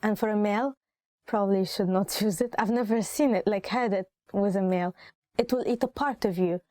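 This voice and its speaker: A woman giving a casual, chatty language lesson, often laughing and repeating phrases slowly. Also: mid-range voice, warm tone, no echo, studio quality. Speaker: Arabic teacher.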